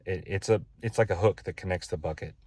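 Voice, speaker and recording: A man's voice: low-pitched, fast talker, a little mellow, dry recording. A man building his own house, telling a casual, exasperated story in a vlog and repeating his gripes.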